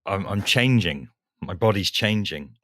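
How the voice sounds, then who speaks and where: A man's voice: low-pitched, animated, a little slow, fairly bright tone, no echo, studio quality. A man co-hosting a podcast with a slight lisp from braces, laid-back and teasing. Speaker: podcast co-host. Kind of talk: casual podcast banter.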